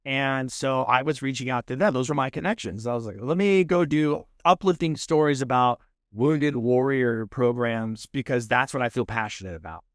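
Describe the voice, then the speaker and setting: A man in his thirties with a Texan accent, a podcast guest telling his story in a casual, animated way and acting out the people he quotes. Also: mid-range voice, normal speed, few pauses, no echo, studio quality. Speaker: podcast guest, food show host. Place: podcast studio.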